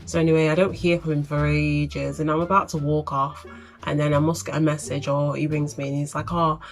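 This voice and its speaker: A woman's voice: low-pitched, flat delivery, a little fast, soft background music. Chatty woman telling a story. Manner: chatty, exasperated retelling. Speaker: vlogger. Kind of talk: storytime vlog.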